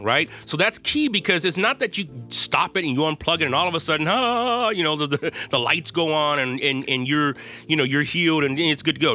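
A man hosts a podcast and speaks candidly, almost confessionally, about his inner struggles. His voice is bright and forward at an ordinary middle pitch. He keeps it loose and conversational, full of "y'all", "yo" and "right?". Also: brisk, faint music behind. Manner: earnest and self-deprecating, with loose slang and frequent "right?" and "y'all". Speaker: podcast host.

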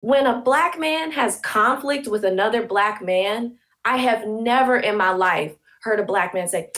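A woman's voice: on the high side, measured pace, hardly any pauses, fairly bright tone. A woman speaking as a podcast guest, passionate and emphatic, building her points with rhetorical questions. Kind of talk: conversational interview.

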